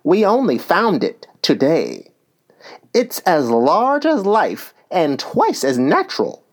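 Man as excited messenger, voice pushed up high. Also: slow, full character voice. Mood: eager. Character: eager male messenger, proud of his find.

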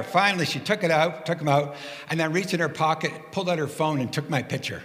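A man preaches a sermon in a reverberant church hall, his voice carrying a long tail of echo. He speaks in a conversational storytelling way, warm in rhythm and lightly humorous about himself. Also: on the high side, fast talker. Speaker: pastor.

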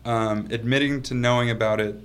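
A man with a bright, forceful voice, pitched in the ordinary middle, talking as a guest on an interview show. He tells his story casually and with animation, breaking into laughter often and swearing without hesitation. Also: steady tone, a little fast, a little hiss or hum. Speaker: guest, company founder.

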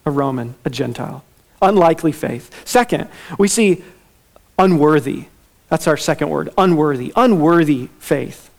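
Male preacher with a high, bright voice, casual and lively from the pulpit, slips into playful quoted voices. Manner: animated, conversational, acts out quoted voices with laughs. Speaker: pastor. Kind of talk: expository sermon.

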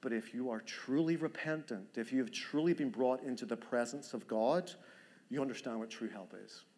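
A man's voice: medium pitch, normal speed, a little mellow. A man preaching a sermon as pastor, earnest and urging in tone.

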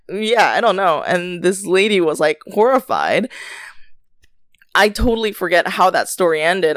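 Young woman podcaster ranting casually, lots of likes and laughs, swears a lot, mid-pitched, dry close sound. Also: dry recording. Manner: chatty, animated, swears freely, laughs often, many fillers. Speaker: podcast host. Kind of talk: casual chat, storytelling rant.

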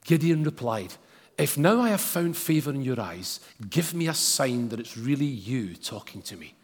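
A man's voice: mid-range voice, very animated, normal speed, husky. A man preaching a sermon and reading scripture aloud, with casual asides to the congregation. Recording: long hall reverb.

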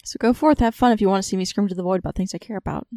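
A woman playing a tabletop game, chatting in a lively, sarcastic way. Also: mid-range voice, racing, no echo, clean studio sound. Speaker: player. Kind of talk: casual tabletop game chat.

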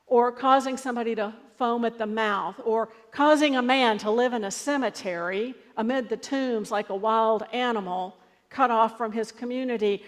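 Woman pastor, conversational sermon, slightly high voice, reverberant hall. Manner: conversational storytelling preacher.

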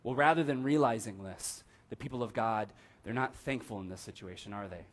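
A man's voice: lowish voice, fairly quick. A young adult man, a pastor, gives a casual, conversational sermon in a church, often asking the congregation "right?". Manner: conversational, asks the room "right?" often, animated quoting. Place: church sanctuary.

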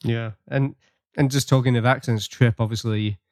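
A man's voice: mid-range voice, steady tone, normal speed, a little mellow, no echo, clean studio sound. A man co-hosting a podcast in casual chat, enthusiastic and breaking into small laughs as he recaps. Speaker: podcast co-host.

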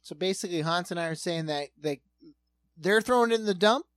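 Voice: mid-range voice, brisk, a bit bright, no room sound. A podcast co-host in casual comedic banter who laughs a lot and acts out little scenes with quoted voices.

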